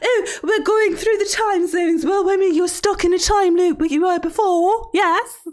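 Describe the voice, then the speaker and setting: A woman's voice: very high voice, steady tone, normal speed, a little mellow. A woman streamer playing a creepy, sing-song female children's show host who sounds sweet and then swears, in a livestream role-play. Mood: mock-sweet. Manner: sing-song, mock-sweet, sudden profane outbursts.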